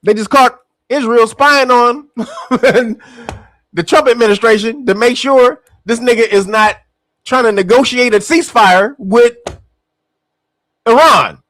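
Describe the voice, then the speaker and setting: High-voiced man in profane, mocking commentary. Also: slow pace, pauses often, fairly bright tone, dry recording. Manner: profane, mocking, laughs often, acts out voices. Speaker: commentary host. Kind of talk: casual political commentary.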